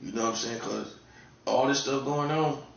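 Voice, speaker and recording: A man's voice: mid-range voice, normal speed, creaky. A man from North Carolina with a Southern accent, talking in a casual, laid-back, repetitive monologue with a warning tone. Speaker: online commentator. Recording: distant, echoey, dull lo-fi room sound.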